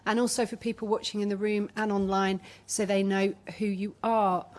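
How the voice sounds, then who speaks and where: A woman chairing a public board meeting in a meeting room, speaking in a measured, formal and welcoming way. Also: medium pitch, little pitch movement, a little mellow.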